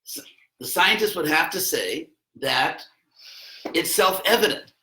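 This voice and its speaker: A man's voice: on the high side, lively intonation, a little slow, bright, forceful tone, echoey room, poor audio. A man giving an informal philosophy lesson to a class of students, joking in asides and raising his voice when he acts out quotes. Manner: conversational, jokey asides, acts out quotes with a raised voice. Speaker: teacher.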